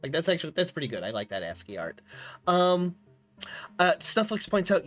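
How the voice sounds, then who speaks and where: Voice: mid-range voice, sing-song, brisk, fairly bright tone, faint music behind. A game streamer chatting casually and animatedly on a live stream, laughing often and restarting sentences. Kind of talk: casual live-stream chat while playing.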